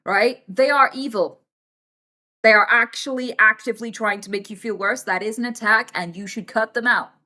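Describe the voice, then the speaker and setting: A woman's voice: fairly high pitch, moderate pace, sharp tone. A young woman streaming live and giving blunt, sweary advice to her chat, often acting out the people she quotes.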